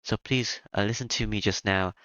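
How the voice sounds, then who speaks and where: A man reading the part of a gentle, devoted young maid woman from a game, with a halting delivery full of small fillers. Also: lowish voice, fairly even intonation, smooth, no room sound, lightly acted. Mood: pleading. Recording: dull lo-fi with music behind.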